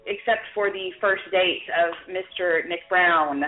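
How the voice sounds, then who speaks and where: A woman's voice: on the low side, fairly even intonation, unhurried, faint music behind. A woman hosting a drinking trivia show as quizmaster, talking in a loose, folksy way with lots of ums and uhs. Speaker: game show host and quizmaster. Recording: tinny lo-fi sound in an echoey room.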